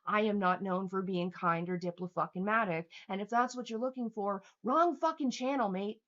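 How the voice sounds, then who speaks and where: A woman's voice: medium pitch, moderate pace, a bit bright. A young woman rants at her livestream chat, heated and sarcastic, swearing constantly. Her voice sits in a middle register. The stream audio is slightly dull and lo-fi. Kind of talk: angry livestream rant reading chat.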